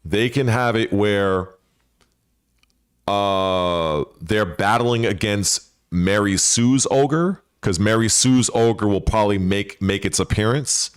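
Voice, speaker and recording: Male gaming host, lowish voice, dry close sound, loose and profane speculative riffing. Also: slow, clean tone, no room sound. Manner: rambling and profane, with frequent restarts. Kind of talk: casual speculative commentary.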